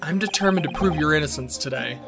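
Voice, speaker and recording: A woman's voice: low-pitched, fast talker, creaky. A woman reading the lines of an earnest, polite young male defense lawyer in her own voice, with game music behind.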